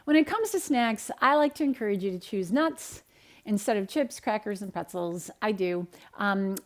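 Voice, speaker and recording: A middle-aged woman dietitian from the United States, giving an upbeat, animated talk in her home kitchen and acting out the people in her stories. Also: medium pitch, moderate pace. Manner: upbeat, animated, acts out quoted dialogue. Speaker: dietitian and speaker. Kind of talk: direct-to-camera talk with storytelling.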